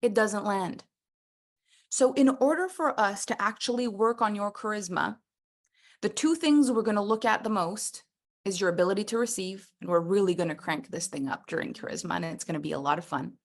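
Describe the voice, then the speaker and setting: A woman coaching a personal development workshop, animated and playful, acting out little scenes as she teaches. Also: mid-range voice, fairly quick.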